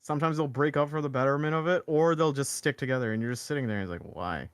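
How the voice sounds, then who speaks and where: A man's voice: a little high, racing, clean tone, dry recording. A young man chatting casually as co-host, rambling with lots of fillers and restarts. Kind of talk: casual chat.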